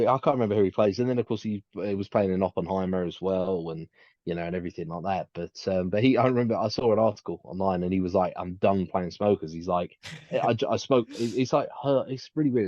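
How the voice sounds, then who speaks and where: A man's voice: lowish voice, fast, darkish tone, no room sound. A man co-hosting a podcast in casual chat, rambling with many restarts and fillers. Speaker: podcast co-host. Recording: dull dry lo-fi mic.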